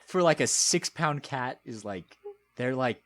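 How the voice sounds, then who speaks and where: A podcast co-host chiming in with quick quips in casual chat. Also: mid-range voice, lively intonation.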